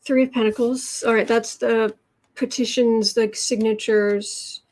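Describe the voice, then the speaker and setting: A woman hosting a live tarot reading, musing aloud over the cards and answering chat in halting, drawn-out phrases. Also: a little high, steady tone, darkish tone. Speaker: tarot reader and channel host.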